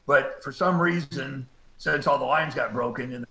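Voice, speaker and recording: Bright-voiced man telling a rescue story. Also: mid-range voice, moderate pace, gravelly, reverberant, poor audio. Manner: laid-back storyteller, acts out quotes, laughs at himself. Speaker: cave rescue diver. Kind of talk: storytelling in a casual interview.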